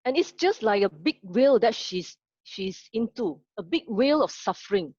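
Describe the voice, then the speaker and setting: A woman's voice: medium pitch, animated, measured pace, a little mellow, husky, no echo, dull audio. A woman teaching an online class. She asks the class questions, then tells a story to make her point. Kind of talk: online lesson told as a story.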